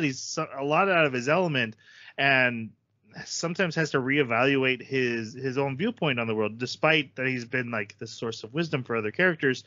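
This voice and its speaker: Guy hosting a podcast, bright forceful voice, dry and kinda dull lo-fi sound, rambles and restarts a lot. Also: a little high, no echo. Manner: rambling, repeats words, frequent fillers. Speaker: podcast host. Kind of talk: casual chat.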